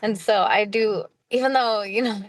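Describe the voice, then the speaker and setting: A woman's voice: mid-range voice, moderate pace, no room sound. Chatty woman podcast host, dry sound. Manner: chatty, with frequent laughs and fillers. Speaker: podcast host and hospice nurse. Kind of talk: casual interview chat.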